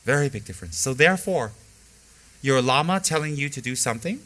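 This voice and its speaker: The speaker is a middle-aged man teaching the dharma as a Buddhist teacher, his mid-range voice animated, brisk, pushed and bright. He leans on emphatic repetition of key phrases and shares candid anecdotes from his own practice.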